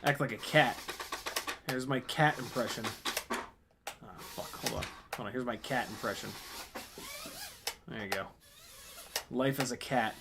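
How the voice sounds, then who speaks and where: A man hosting a casual live stream as an FPV drone pilot, excitable and jokey, swearing and laughing as he flies. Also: medium pitch, unhurried, gravelly, long pauses, very noisy. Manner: excitable, exclaiming and swearing while flying.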